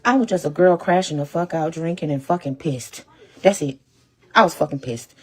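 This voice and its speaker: A woman's voice: deep voice, moderate pace, slightly rough. A woman content creator rambling and pleading to her followers in an emotional, profane rant. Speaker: social media content creator. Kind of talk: emotional direct-to-camera rant.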